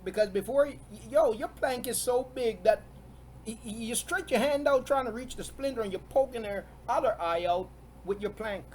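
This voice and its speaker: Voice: medium pitch, normal speed, slight background noise. A preacher giving a sermon, stressing points by repeating key words and often chuckling between them.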